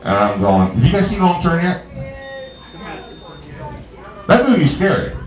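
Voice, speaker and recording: A man's voice: a little high, very animated, measured pace. Rambling male stand-up comic in a bar. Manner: rambling, stammering storytelling with crowd asides. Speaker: stand-up comedian. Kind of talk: stand-up comedy set. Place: small bar stage. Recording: echoey bar room.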